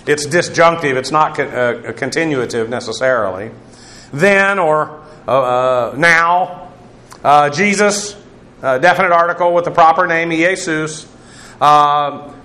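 A man's voice: on the high side, bright, forceful tone, reverberant. A man teaching through a Bible passage verse by verse, in a conversational, digressive way with asides on Greek grammar.

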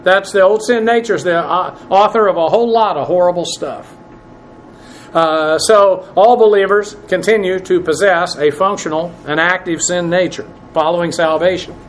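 A man teaching a sermon verse by verse, plain-spoken and halting, with many fillers and self-corrections. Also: high-pitched, slight background noise, poor audio. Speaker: pastor.

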